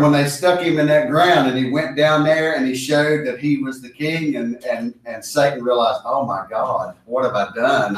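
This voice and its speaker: A man leading a Bible study discussion, talking earnestly and with emphasis, often repeating key phrases for stress. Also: fairly high pitch. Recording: echoey room, mic far off.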